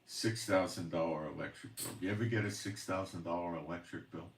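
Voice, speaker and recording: A very low-voiced man rambles on in an exasperated, complaining tone, often sighing. He sounds set back from the microphone in a roomy, echoing space. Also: brisk, distant mic. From Israel. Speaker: channel host, prophecy commentator. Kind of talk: rambling personal monologue. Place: home in the Galilee, Israel. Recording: roomy echo, voice off-mic.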